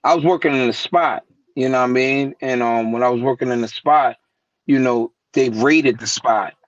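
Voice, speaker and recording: A man's voice: moderate pace, dry recording. New man telling stories over a call. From New York. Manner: animated, acts out quoted voices with big pitch jumps. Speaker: guest rapper. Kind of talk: casual storytelling interview. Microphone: remote call mic. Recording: dull lo-fi web call audio, dry.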